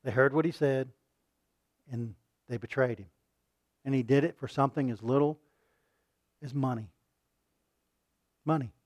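A man preaching a sermon, rising to loud emphatic peaks and dropping to quiet asides, asking his listeners questions and repeating words for emphasis. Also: mid-range voice, unhurried, pauses often, dry recording.

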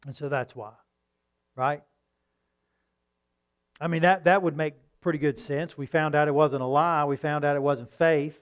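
A man preaching a sermon in a conversational tone, asking rhetorical questions and reading scripture slowly. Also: on the high side, fairly even intonation, smooth.

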